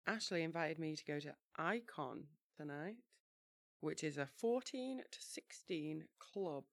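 Animated woman, dry close sound. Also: deep voice, unhurried, dry recording. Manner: animated, laughs easily, reads aloud in bursts. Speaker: podcast co-host reading her teenage diary. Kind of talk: casual chat.

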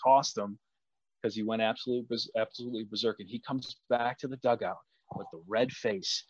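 Low-voiced man reminiscing about youth baseball. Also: steady tone, brisk, no room sound, highs cut off. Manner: storytelling, many restarts. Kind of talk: casual reminiscing chat.

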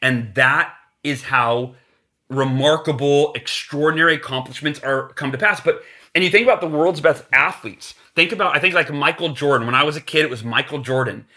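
A man's voice: fairly high pitch, normal speed. A man telling a motivational sales story as a podcast guest, acting out the quoted lines. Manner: animated, acts out quotes, motivational.

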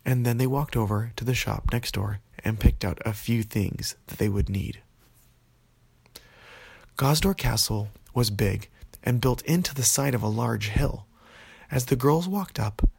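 A man narrates a children's fantasy tale in a gentle, easygoing manner. His voice is gravelly and a bit husky at a middle pitch. The recording is dry and close. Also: no room sound. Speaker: storyteller. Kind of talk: children's bedtime story narration.

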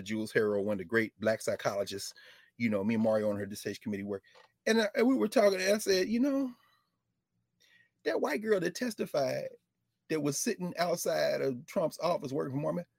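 A middle-aged man, a professor talking politics in an impassioned, preachy way, with mocking quotes and bursts of shouting. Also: mid-range voice, husky, dry recording, clean studio sound. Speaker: professor and show co-host.

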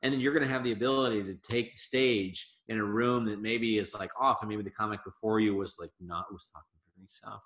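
A man, a comedian guest on a casual podcast interview, talking in an animated, emphatic way. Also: fairly low pitch, fairly quick, few pauses, echoey room. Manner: animated, emphatic advice-giving.

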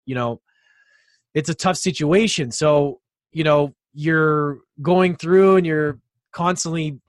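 A man hosting a casual interview, his voice a little high for a man. He talks haltingly and fills gaps with "you know" and "I mean". The sound is dry and close, with no room around it. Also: dry recording. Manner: halting, many fillers. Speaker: podcast host.

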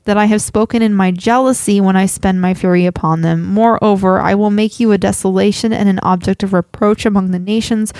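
A woman co-hosting a live show, reading scripture aloud in a steady, measured way and chatting between passages. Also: medium pitch, clear, resonant tone, no room sound. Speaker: co-host.

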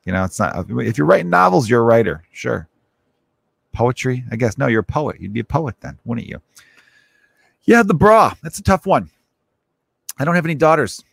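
A man's voice: medium pitch, sing-song, normal speed, creaky, long pauses, husky, no echo. A man in his thirties, a comedian hosting his own show, rambling profanely through a casual comic monologue and acting out little scenes. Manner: rambling, profane, acts out quoted voices. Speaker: comedian podcast host.

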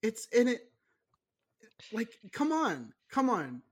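A man's voice: very high voice, wildly swooping pitch, takes it slowly, slightly rough. A man co-hosting a podcast in casual chat, rambling and joking with lots of restarts. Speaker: podcast co-host.

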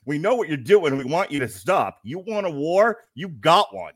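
A man's voice: a little high, lively intonation, moderate pace, fairly bright tone, pitched above the performer's own voice. A man doing an impression of a swaggering tough-guy male wrestler, delivering a brash, taunting challenge in a raised voice.

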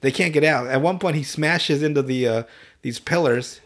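Animated, profane man recapping a cartoon. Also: fairly high pitch. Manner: profane, animated retelling with quick voiced asides. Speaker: podcast host. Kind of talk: casual chat, recapping an anime.

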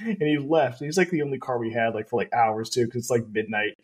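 A man co-hosting a podcast tells a story casually and at a fast clip, his mid-range voice carrying a breathy edge. He laughs often and packs in lots of fillers, making the retelling animated.

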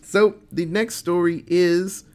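A man casually recapping a TV episode with a co-host, telling it in an animated way and popping into quick voices for the characters. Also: high-pitched, clear, resonant tone. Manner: animated storytelling with quick voice switches for quoted characters. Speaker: podcast co-host.

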